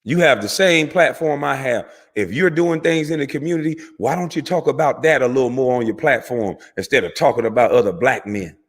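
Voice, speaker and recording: Man, former pro athlete, angry preachy rant full of swearing, mid-pitched voice with long reverb behind it. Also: fairly quick, hardly any pauses. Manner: heated, profane, preachy, repeats for emphasis. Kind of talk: impassioned rant to camera.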